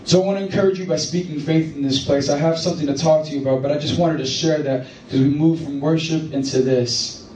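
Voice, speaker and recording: Animated pastor preaching in an echoey hall. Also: male voice, fairly high pitch, fast talker, slight background noise. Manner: animated storytelling, rising to excited emphasis. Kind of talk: sermon. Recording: echoey room from far off.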